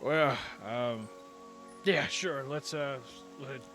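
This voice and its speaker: A man's voice: medium pitch, very slow, a bit bright, soft background music. A man doing a stammering village blacksmith. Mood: eager. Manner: stammering, apologetic, eager to sell. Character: flustered middle-aged male village blacksmith.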